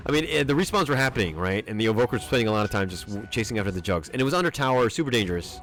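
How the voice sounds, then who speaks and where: A man's voice: fairly low pitch, lively intonation, fast, a bit bright. A man coaching a player through a game replay, exclaiming and repeating urgent commands as he talks. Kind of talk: replay analysis commentary. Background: music.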